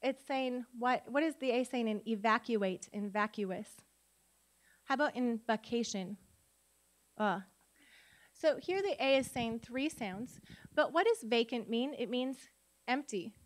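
A woman with a slightly high voice teaches a spelling workshop to a room of adults. She breaks words into sounds and syllables slowly and asks the audience questions as she goes. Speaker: literacy teacher and conference speaker. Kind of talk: workshop talk with spelling dictation. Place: conference room before an audience.

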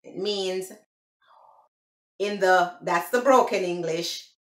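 Jamaican woman, casual home vlogger, unhurried and repetitive, roomy echo. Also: on the low side, fairly bright tone. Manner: deliberate, repeats phrases and checks in with "okay?". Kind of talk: casual teaching vlog. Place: home, indoors. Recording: echoey room.

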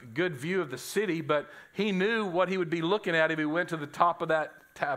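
A man's voice: fairly high pitch, a bit bright. A male pastor preaching a sermon, retelling a story and acting out the voices of the people he quotes.

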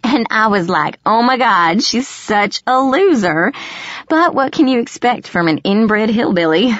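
A woman voicing a nasal, catty teenage girl who gossips and mocks in a drawn-out way. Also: a little high, lively intonation, a bit bright, no echo, lo-fi sound, pitched above the performer's own voice. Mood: mocking.

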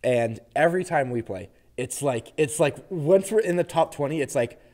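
A man co-hosting a casual gaming podcast, telling a rambling anecdote with fillers and quick laughs. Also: a little high, lively intonation, a little mellow. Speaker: podcast co-host.

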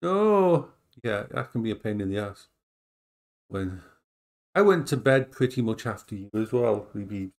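A middle-aged vlogger with a lowish, darkish voice chats casually at home, lively in intonation at a moderate pace with long pauses. He's rambling and playful, coos at his dogs, and records with a tablet used as an action cam.

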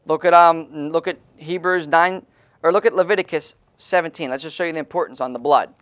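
Fairly high-voiced preaching pastor. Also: male voice, steady tone, fairly quick, a bit bright. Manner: emphatic preaching, calls on congregants to read verses. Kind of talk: sermon.

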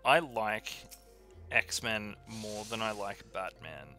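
A man's voice: fairly low pitch, slow, sharp tone, soft background music. A man co-hosting a gaming channel, rambling and giggling, full of likes and ums. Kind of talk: casual gaming chat.

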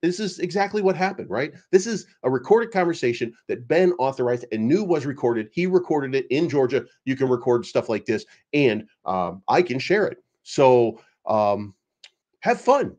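A man's voice: mid-range voice, big pitch swings, moderate pace, darkish tone. Sarcastic, rambling male commentator. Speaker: crypto YouTube commentator. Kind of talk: casual ranting commentary.

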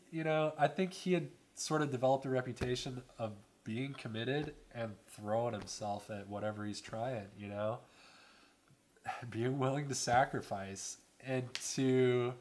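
A man's voice: medium pitch, darkish tone. A young man in an interview, talking earnestly about an old friend and filling his speech with "you know". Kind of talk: reflective documentary interview.

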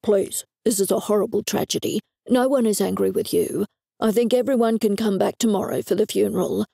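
A woman narrator voicing a polite, calm man whose brother has died. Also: medium pitch, brisk, gravelly, no echo, studio quality.

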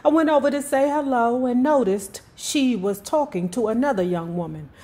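A woman's voice: on the high side, animated, dark tone. A woman in her fifties from Washington, D.C., with a thick D.C. accent, hosting a book club. She reads aloud and breaks off into chatty, joking asides. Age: 50s. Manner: slow, drawling, chatty, jokey. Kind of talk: casual reading with chatty asides.

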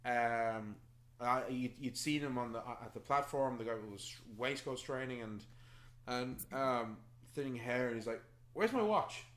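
A man narrating a tabletop game as game master, pausing often with ums as he describes scenes. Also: medium pitch, steady tone, fairly bright tone, echoey room. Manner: hesitant, many ums while describing scenes.

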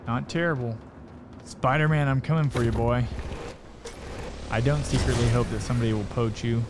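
In a noisy setting, a man hosting a gaming channel commentates his play in a mid-range voice with fairly even intonation. Excitement spills out as yelps and fast repeated words under threat, and he talks to himself and viewers while looting.

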